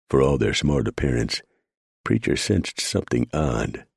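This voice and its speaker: A man narrating a western novel in a steady, measured storytelling voice. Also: extremely low pitch, creaky, husky, no room sound, clean studio sound. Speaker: audiobook narrator.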